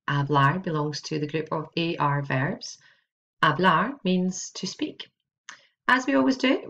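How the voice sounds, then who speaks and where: A woman teaching Spanish verb conjugations in an instructional video, drilling each form slowly and carefully. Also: sits low, a bit bright. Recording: dull, lo-fi sound.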